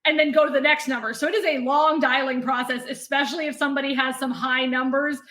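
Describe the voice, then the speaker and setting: A woman's voice: high-pitched, steady tone, fast, bright, forceful tone, reverberant. A young adult woman chatting as a podcast guest, explaining things step by step. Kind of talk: casual interview chat.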